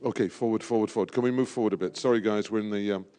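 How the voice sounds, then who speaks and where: A man's voice: on the low side, steady tone, rapid-fire, dark tone. A man emceeing a live event, jovial and teasing, sprinkling in French phrases. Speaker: event host at a draw.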